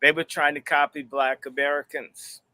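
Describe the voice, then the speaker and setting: Male host, fairly high, bright voice, casual interjections. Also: level tone, normal speed, no echo. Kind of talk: casual discussion.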